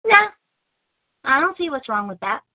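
A woman's voice: high-pitched, big pitch swings, moderate pace, dry recording. A woman hosting a casual online talk show, laughing often and poking fun at herself. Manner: laughs often, self-mocking. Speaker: podcast host. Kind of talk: casual chat. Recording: tinny phone-like sound.

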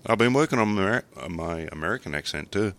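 Australian podcast co-host, very low voice, bright and animated, teasing banter. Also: male voice, fast, no echo. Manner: joking, lively, laughs often.

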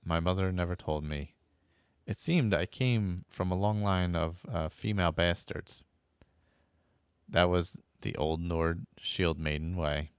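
A man reading the journal of a stern young woman warrior in a fan-made audio story, in a measured, plain way. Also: deep voice, smooth, no echo, studio quality. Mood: earnest.

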